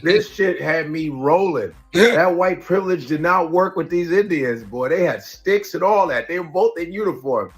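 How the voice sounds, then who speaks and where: A man telling a funny story on a live stream, animated and profane, laughing at his own jokes. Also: a little high, normal speed.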